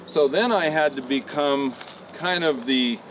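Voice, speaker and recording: Man, horse trainer, relaxed and folksy, slightly high voice, picked up from a distance outdoors with faint background hum. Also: unhurried. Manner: folksy, relaxed, lots of "you know" fillers. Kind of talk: casual explanation on a walk-around. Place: outdoor ranch pen.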